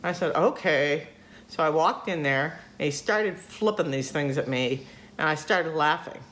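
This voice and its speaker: A woman's voice: deep voice, normal speed, a bit bright. An older woman hosting a casual chat, talkative, laughing often and acting out voices in her stories. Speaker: host.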